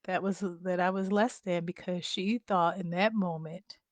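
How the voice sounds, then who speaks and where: A woman's voice: lowish voice, steady tone, normal speed, dry recording. A middle-aged woman caregiver candidly telling viewers a personal story in a casual vlog. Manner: candid, conversational, addresses viewers as y'all. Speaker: family caregiver.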